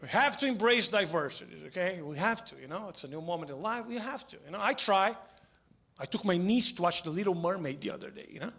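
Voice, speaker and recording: A man doing stand-up, animated and acting out quick voices on a club stage. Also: sits high. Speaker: stand-up comedian. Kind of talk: stand-up comedy set. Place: comedy club stage with audience.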